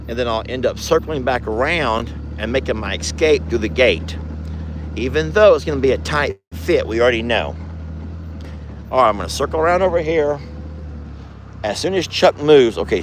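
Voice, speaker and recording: Doting rancher with a lively voice. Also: male voice, mid-range voice, a little hiss or hum. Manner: doting, talks baby talk to animals. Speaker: ranch owner. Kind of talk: casual vlog narration. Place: outdoors on a ranch, in a side-by-side vehicle.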